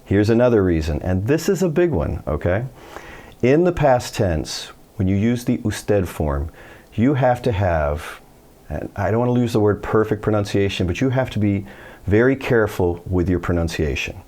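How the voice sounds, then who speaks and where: Very deep-voiced man teaching Spanish. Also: normal speed. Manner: animated storytelling, acts out quoted voices. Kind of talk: video lesson.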